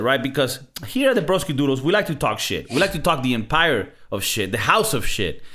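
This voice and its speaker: A man's voice: medium pitch, fairly bright tone. A man hosting a podcast in casual chat, profane and rambling. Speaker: podcast host.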